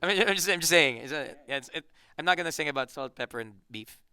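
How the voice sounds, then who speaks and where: A Filipino band member in a relaxed, joking interview chat, rambling with restarts. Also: male voice, on the high side, quick pace, smooth, dry recording, clean studio sound. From Philippines.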